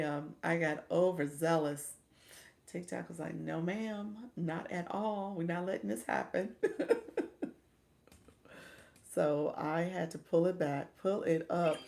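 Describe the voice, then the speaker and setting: A woman's voice: deep voice, vocal fry, darkish tone. A woman hosting a casual livestream, chatty and encouraging, talking straight to her viewers and saying y'all. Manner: chatty and encouraging, says y'all, mimics voices. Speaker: livestream coach and host.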